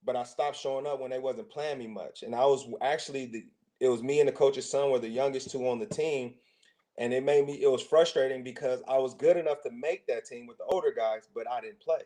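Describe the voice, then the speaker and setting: A man's voice: mid-range voice, a little fast. A man, a podcast guest, telling casual childhood stories and acting out the voices of the people in them. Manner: lively anecdotes, acting out quoted voices. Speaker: guest, former football player and coach. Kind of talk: casual storytelling.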